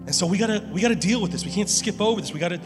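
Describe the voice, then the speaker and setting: Racing along in a high-pitched voice with lively intonation, this man preaches as pastor, earnest and prone to repeating words as he drives a point home. The recording has long hall reverb and music in the background.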